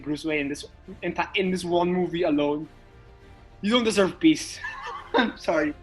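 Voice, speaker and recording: A man's voice: on the high side, poor audio. A man co-hosting a podcast in casual chat, rambling with stammered restarts and swearing for emphasis. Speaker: podcast co-host.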